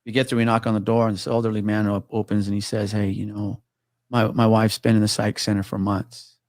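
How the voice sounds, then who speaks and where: A man's voice: fairly low pitch, flat delivery, brisk, darkish tone, dry recording, clean studio sound. A man telling a story in casual chat, swearing freely and acting out the people in it. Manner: swears freely, acts out quoted voices.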